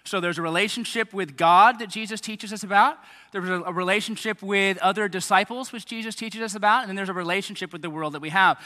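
A man in his thirties, a pastor giving a lively sermon to children and families, with chatty asides to kids and parents. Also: sits high, fast talker. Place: church hall. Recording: echoey hall reverb.

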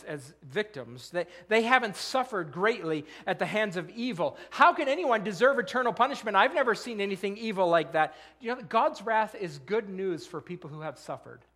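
A man's voice: on the high side, a bit bright. A man pastor preaching a sermon in an earnest style, often repeating words and posing rhetorical questions.

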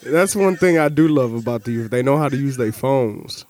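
A man in a casual chat, making brief, relaxed remarks. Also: medium pitch, moderate pace.

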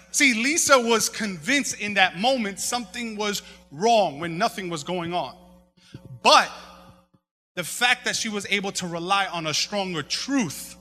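A man preaching a sermon as pastor, telling a lively story and prompting the crowd. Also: high voice. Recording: long hall reverb with music behind.

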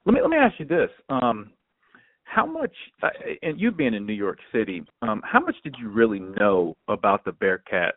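Man, podcast host, low voice, lively intonation, tinny dry phone-like sound. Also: moderate pace, no room sound. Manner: short backchannels, brief questions. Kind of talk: interview.

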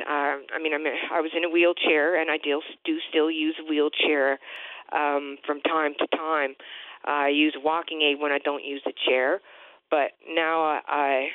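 A woman in her forties calling in to a radio show, halting and hesitant with many restarts, distressed. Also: low-pitched, flat delivery, clear, resonant tone, no echo. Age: 40s. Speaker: caller. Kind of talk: call-in radio. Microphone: phone line. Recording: tinny phone line.

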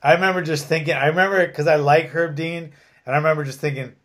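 A man hosting a casual chat, excitable and swearing freely. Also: on the high side, quick pace.

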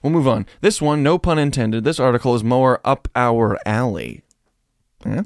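A man's voice: mid-range voice, normal speed. A man co-hosting a comedy podcast, trading provocative jokes in casual banter. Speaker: podcast co-host.

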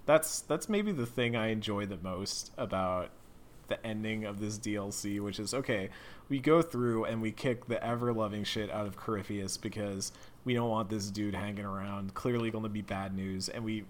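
Male podcast co-host, chatty and animated, faint hiss behind, laughs through his riffs. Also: fairly low pitch, moderate pace. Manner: animated, laughing, does mock voices for quotes. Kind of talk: casual gaming podcast chat.

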